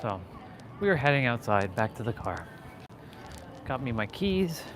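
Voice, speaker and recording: A young man talks loosely to his phone while he walks outside, rambling and restarting his sentences with plenty of fillers. His voice sits at an ordinary middle pitch. Faint traffic and street noise hum behind him. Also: sing-song, unhurried. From Canada. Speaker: live streamer. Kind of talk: casual live-stream chat while walking. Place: outdoors in a parking lot, then in a car.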